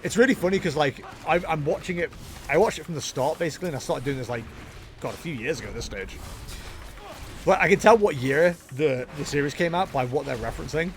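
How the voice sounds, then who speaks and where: A man's voice: fairly high pitch, expressive, fast, a little hiss or hum. A young man giving casual, jokey gameplay commentary as a streamer, chatting with his viewers. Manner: jokey, self-mocking, chatty with chat. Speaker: game streamer.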